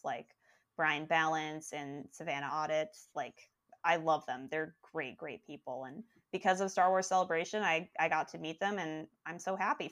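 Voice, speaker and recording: A young woman telling a long personal story as a guest, animated and rambling, with lots of restarts. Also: low voice. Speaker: podcast guest. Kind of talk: casual storytelling.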